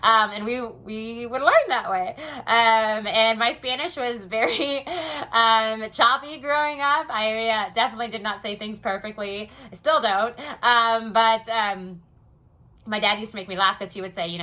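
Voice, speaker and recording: A woman's voice: on the high side, moderate pace, bright, forceful tone. A young American woman talking casually in a personal diary vlog, rambling with many "you know" and "um" fillers. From United States. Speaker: vlogger.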